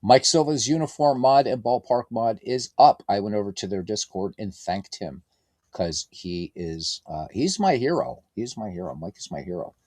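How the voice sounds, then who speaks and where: A man's voice: lowish voice, expressive, moderate pace, darkish tone, no room sound. A man hosting a baseball game stream, chatting casually and reading out lineups like a ballpark announcer, with playful self-mockery. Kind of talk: casual chat and play-by-play announcing.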